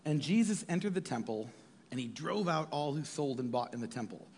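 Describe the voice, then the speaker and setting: A man preaching a sermon as a pastor, in an animated way, acting out voices from the text. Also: a little high, fairly quick, long reverb tail, a little hiss or hum. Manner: animated, acts out voices of biblical figures.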